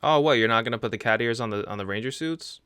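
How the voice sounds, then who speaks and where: A young man hosting casual reaction commentary, joking and animated, often restarting his phrases. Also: mid-range voice, quick pace. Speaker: reaction channel host. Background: faint background music.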